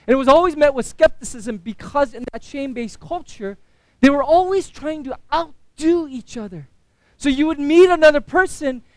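A man's voice: extremely high pitch, dry recording. A man in his thirties preaching a sermon as pastor, conversational and self-mocking with humor.

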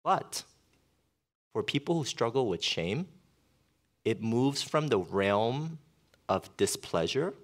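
Middle-aged guy pastor preaching, chatty and loose, lots of "you know", voice swings up and down a lot. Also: mid-range voice. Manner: conversational, many fillers, animated storytelling. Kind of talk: sermon.

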